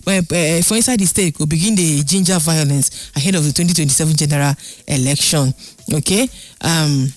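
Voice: mid-range voice, a little fast, no room sound. Nigerian news presenter, dry close sound. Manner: repeats points, addresses listeners directly. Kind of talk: conversational pidgin news commentary.

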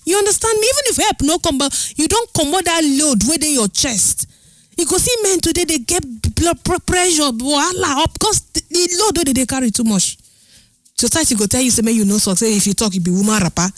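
A woman radio host with a Nigerian Pidgin accent, chatting on air in a lively, sing-song way that stretches her words. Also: sits high, brisk, no echo. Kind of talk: Pidgin radio show chat. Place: radio studio.

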